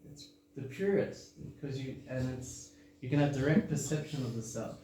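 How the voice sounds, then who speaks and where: An Australian man whose accent has softened toward American gives an informal, joking scripture class to a temple audience, laughing often. His voice is medium-pitched with lively intonation at a moderate pace, recorded in a very echoey hall with a faint background hum.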